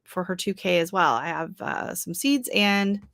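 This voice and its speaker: Woman, casual live chat, talkative and laughing, bright tone, dry mic. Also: on the low side, lively intonation, measured pace, gravelly, no echo. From Canada. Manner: chatty, laughs often, reads and answers chat comments. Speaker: livestream host. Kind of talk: casual livestream chat with viewers.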